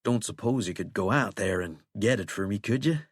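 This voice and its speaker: A man's voice: fairly low pitch, fairly quick, husky, no echo, studio quality. A man voicing a shackled, cursed man who is wry, sardonic and coaxing, with a folksy way of talking.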